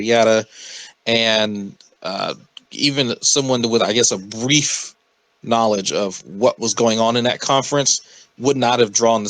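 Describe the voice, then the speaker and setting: Lowish-voiced guy rambling on a podcast, keeps correcting himself. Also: fairly bright tone, no echo, rough recording. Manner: rambling, many fillers and self-corrections. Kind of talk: casual podcast chat.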